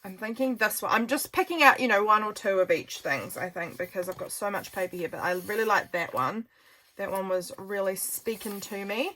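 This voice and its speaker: A woman from New Zealand hosts a crafting channel, chatting casually about her craft. Her medium-pitched voice is brisk, pushed and bright, and she's chatty and self-deprecating, thinking aloud as she goes.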